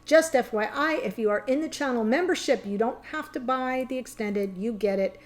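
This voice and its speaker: A woman's voice: a little high, moderate pace. A woman giving a tarot reading, talking straight to her viewers in an earnest, emotional way. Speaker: tarot reader. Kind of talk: casual tarot reading to camera.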